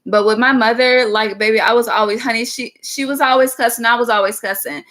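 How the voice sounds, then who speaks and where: A woman's voice: fairly high pitch, fairly even intonation, a little fast, fairly bright tone. A woman giving a chatty, frank tarot reading, calling listeners "baby" and tagging nearly every line with "okay". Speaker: tarot reader. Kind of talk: casual tarot reading monologue.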